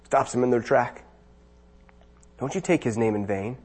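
A man's voice: mid-range voice, normal speed, darkish tone, breathy edge. A man preaching a sermon, asking rhetorical questions and building to emphatic bursts.

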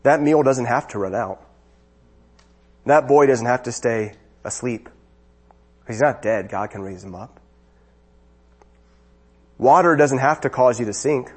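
Husky-voiced man preaching a sermon. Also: medium pitch, measured pace, long pauses. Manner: rhetorical questions, rising to emphatic bursts.

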